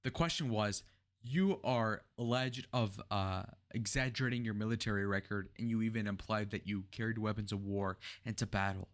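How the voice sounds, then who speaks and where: A man's voice: fairly low pitch, moderate pace. A young man reacting to a political interview, talking heatedly and sarcastically with profane outbursts. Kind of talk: reaction commentary.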